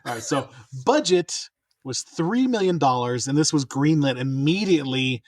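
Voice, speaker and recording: A man's voice: a little high, lively intonation, moderate pace, a little mellow, dry recording, studio quality. A middle-aged man from New Mexico, co-hosting a casual movie podcast, rambling and laughing often as he trails off and restarts. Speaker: podcast co-host. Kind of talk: casual chat.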